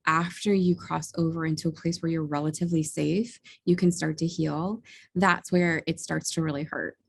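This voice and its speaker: A woman's voice: low-pitched, vocal fry. A woman in her thirties telling a personal story in a casual, earnest and emotional way, with small laughs and sighs. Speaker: vlogger sharing a personal story.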